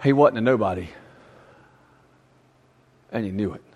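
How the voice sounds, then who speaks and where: A man's voice: on the low side, measured pace, darkish tone, slightly rough. A man preaching a youth sermon, conversational and emphatic with folksy asides.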